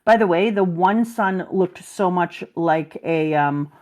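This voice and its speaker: Animated woman chatting on a stream. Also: fairly low pitch, takes it slowly. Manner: animated, laughs often, acts out quotes. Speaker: stream co-host. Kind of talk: casual chat.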